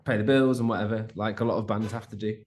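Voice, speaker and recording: Rambling young Englishman, low voice. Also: steady tone, fast, a little mellow. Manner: chatty, rambling with many restarts and fillers. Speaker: musician guest. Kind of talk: casual interview chat.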